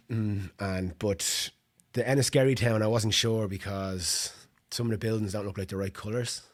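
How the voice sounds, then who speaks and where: Laughing Irish man, slightly low voice. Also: fairly even intonation, moderate pace. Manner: chatty, laughs often. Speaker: podcast co-host. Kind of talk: casual chat.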